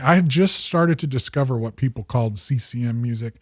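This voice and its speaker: Man, 50s, podcast guest. Husky, dry-recorded, animated raconteur. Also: mid-range voice, dry recording. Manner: lively anecdotes with acted quotes and quick restarts. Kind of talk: storytelling in conversation.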